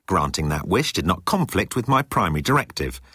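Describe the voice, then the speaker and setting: A measured machine voice from a talking digital bird, speaking slowly and precisely. A man puts it on, keeping it low and slightly husky, with a dry close sound. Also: big pitch swings, bright, forceful tone, no echo, heavily acted. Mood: explaining.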